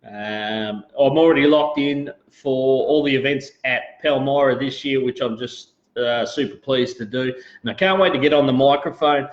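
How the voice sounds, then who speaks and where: A man's voice: mid-range voice, normal speed, few pauses. Australian male host, laid-back and rambling, casual live-stream chat, roomy lo-fi sound. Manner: rambling, laid-back, greets viewers, frequent fillers.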